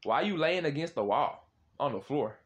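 A young man casually chatting with strangers on a video chat app, swearing and loudly reacting. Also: fairly high pitch, expressive, normal speed. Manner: slangy, swears often, loud exclaiming reactions and laughs.

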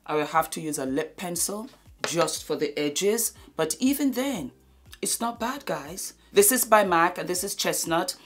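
A low-pitched woman doing a makeup tutorial video. She talks slowly and fondly to her viewers and gushes over each product. Her voice often falls to a soft murmur while she applies makeup, with faint music playing underneath. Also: lively intonation. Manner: affectionate, gushing, calls viewers darlings. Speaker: beauty vlogger.

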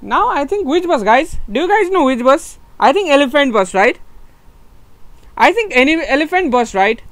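Young male streamer with a Nepali accent, excitable live commentary, laughs a lot, repeats himself. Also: extremely high pitch, normal speed, dry recording. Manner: excitable, laughing, repeats words, switches between English and Nepali. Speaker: gaming streamer.

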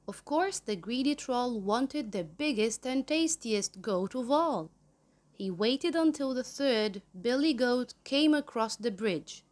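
Slow, high-voiced woman reading a story. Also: lively intonation, darkish tone. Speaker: storyteller host of the channel. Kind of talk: reading a children's story aloud.

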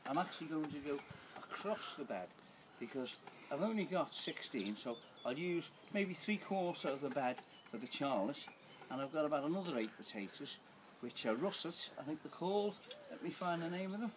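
A fairly high-pitched older man with lively intonation narrates his gardening at normal speed, barely pausing. He rambles casually, restarting often in plain language, while a camera operator films outdoors amid noise and loud birdsong.

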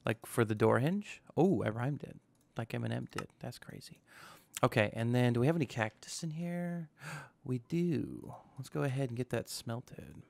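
A man's voice: medium pitch, moderate pace, vocal fry, a little mellow. A young man hosting a gaming channel, talking casually to himself as he plays and tossing in jokey asides. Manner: chatty, self-talking, joking asides. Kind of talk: casual gameplay commentary.

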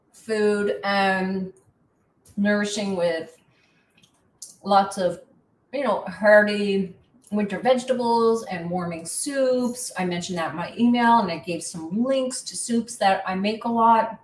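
A woman's voice: medium pitch, far from the mic. Chatty woman in an echoey room. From Canada. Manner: chatty, rambling, self-deprecating. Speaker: host. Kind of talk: casual chat.

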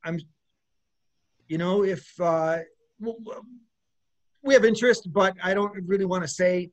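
A middle-aged guest musician with a high, slightly slow voice chats casually in an interview. He rambles loosely, restarts often, and laughs a lot.

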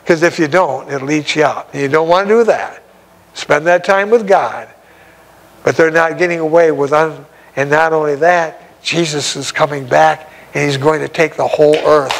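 An older man preaching a loose, conversational sermon, his voice pitched high and gravelly with fry. He bursts into exclamations of praise and chuckles between thoughts. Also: normal speed, rough recording. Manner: exclamatory, breaks into laughs and shouts of praise. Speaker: evangelist preacher. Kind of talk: informal sermon.

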